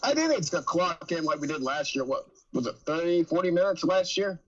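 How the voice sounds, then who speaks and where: A man with a husky, fairly high voice runs a casual podcast chat. He talks fast and animated. His mic sounds muffled and lo-fi. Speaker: podcast host.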